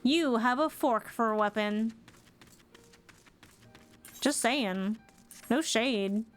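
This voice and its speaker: High-voiced, playful woman streamer. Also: very slow. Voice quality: chatty, playful asides. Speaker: game streamer. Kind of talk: let's play commentary.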